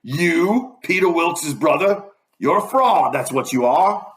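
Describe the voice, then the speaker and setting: A stern older male doctor speaks out in a raised, loud, accusing voice, as a man puts him on. He is forceful and indignant throughout. It is a storybook reading. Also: fairly high pitch, lively intonation, a little slow, pitched above the performer's own voice.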